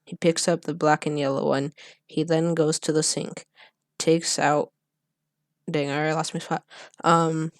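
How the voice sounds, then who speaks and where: A channel host reading a film script aloud in a deadpan monotone, stumbling over words and losing their place. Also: medium pitch, dry recording, studio quality.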